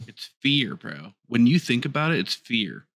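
A man's voice: mid-range voice, very animated, moderate pace, creaky, fairly bright tone, dry recording. Laid-back podcast guy, dry sound. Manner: laid-back, says bro a lot. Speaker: podcast co-host. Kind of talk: casual podcast banter.

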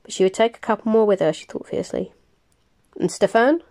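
A woman reading a novel aloud, plain and unhurried, with small slips she corrects as she goes. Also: medium pitch, dark tone. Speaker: reader. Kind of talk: audiobook-style novel reading.

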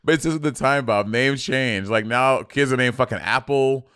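A man's voice: mid-range voice, moderate pace, clear, resonant tone, no echo, clean studio sound. A man from Saint Lucia co-hosting a podcast, telling stories in casual chat and laughing easily. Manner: laughs easily, relaxed storytelling. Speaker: podcast co-host.

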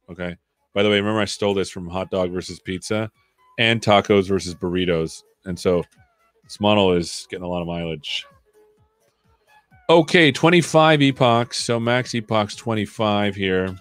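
A man's voice: on the low side, lively intonation, moderate pace, dry recording, faint music behind. A man hosting a live coding stream, chatting casually and joking while he thinks aloud.

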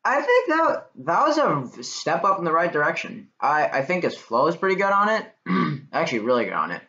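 A young man giving casual reaction commentary on songs, excitable and swearing often. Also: on the high side, moderate pace. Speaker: music reaction reviewer. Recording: dull lo-fi mic with music playing. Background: music playing.

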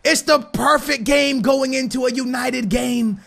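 American gamer guy, high gravelly voice, swings from loud hype to low mutter. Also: measured pace, soft background music. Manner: hyped, shouting at goals, then quiet and muttering. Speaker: gaming YouTuber. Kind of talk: excited gameplay commentary.

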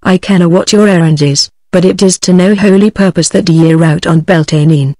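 A synthetic British English woman's voice reading the lines of a stern old male Scottish shepherd in a storybook, in a flat delivery. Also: fairly low pitch, brisk, dry recording, natural voice. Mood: warning.

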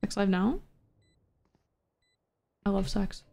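A woman's voice: mid-range voice, slow, vocal fry, warm tone. A woman streamer chatting casually with her live chat while gaming, profane, playful and flirty. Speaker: VTuber streamer.

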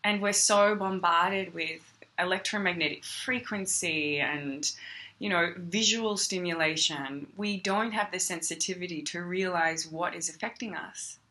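Australian woman, meditation teacher, slow unhurried delivery, bright lower voice, chatty. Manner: chatty, greets viewers by name between thoughts. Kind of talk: casual livestream teaching. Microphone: phone.

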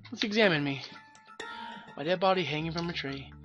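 A young man rambles through a let's play, sarcastic and quick to swear. His voice is bright and sharp, and the recording sounds dull and muffled. Faint game music runs underneath. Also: fairly high pitch. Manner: joking, swears often, rambling. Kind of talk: profane sarcastic game commentary.

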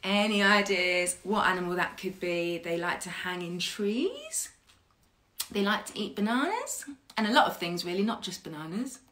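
A woman's voice: mid-range voice, sing-song, normal speed, a bit bright. A woman teaching an online singing class, patient and encouraging, laughing often as she guides learners. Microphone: livestream mic. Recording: echoey room, faint keyboard.

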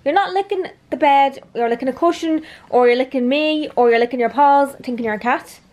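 A woman's voice: high-pitched, brisk, a little mellow. A young woman vlogging at home, cooing at her dog in gushing baby talk and chatting to the camera. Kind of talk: casual vlog chat.

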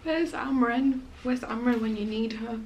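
A young woman chatting casually in a home vlog about a book she loves, gushing and excited, and sometimes dropping to a soft whisper. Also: fairly high pitch, measured pace, faint music behind, rough recording. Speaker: book vlogger.

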